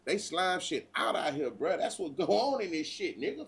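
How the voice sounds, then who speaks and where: A man's voice: high voice, big pitch swings, moderate pace, vocal fry. A man hosting a livestream, giving a profane, preachy street-talk monologue and repeatedly calling listeners "bruh". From United States. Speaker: livestream host.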